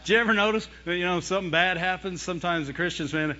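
A man preaching a lively sermon, mimicking whining voices and laughing often as he talks. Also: sits high, quick pace, hardly any pauses, long reverb tail. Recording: dull lo-fi sound.

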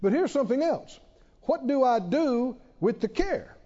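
A man preaching a sermon, emphatic, asking many rhetorical questions and pausing for effect. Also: very high voice, very animated, mellow. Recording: dull reverberant hall sound.

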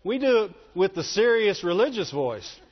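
A man's voice: high voice, sing-song, normal speed, slightly rough. A man preaching a sermon emphatically, repeatedly calling out to his congregation for agreement. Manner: emphatic, calls for audience response. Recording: echoey hall, dull lo-fi sound.

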